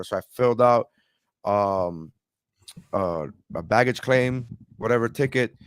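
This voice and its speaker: A man's voice: lowish voice, measured pace, smooth, no room sound, clean studio sound. A man co-hosting a podcast, telling a long, rambling travel story with many restarts. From immigrant to America. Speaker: podcast co-host. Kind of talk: casual storytelling chat.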